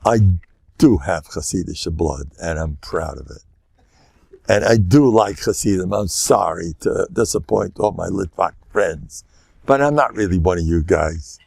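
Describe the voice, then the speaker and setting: An older man speaking American English with Yiddish-inflected phrasing gives an informal, chatty Torah class full of jokes and sprinkled with Yiddish and Hebrew phrases. His voice is low, creaky and a little mellow, animated but unhurried, with no room sound.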